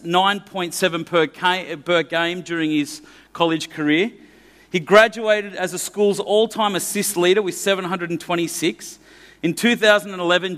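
A man's voice: high voice, fairly bright tone. Chatty Australian man in a reverberant church hall. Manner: jokey, chatty, laughs often. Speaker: church host. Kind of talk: live on-stage interview.

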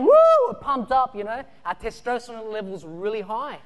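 A man preaching a sermon, telling childhood stories with animated energy, shouts and laughter. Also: extremely high pitch, moderate pace. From Australia. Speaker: pastor. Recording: long hall reverb.

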